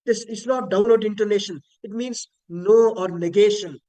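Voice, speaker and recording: Teaching slowly and deliberately in an online spiritual lecture, this man from India patiently chants Sanskrit words aloud to illustrate rising and falling intonation. Heard over a video call, his voice sits high and sounds a little mellow, with rough recording quality.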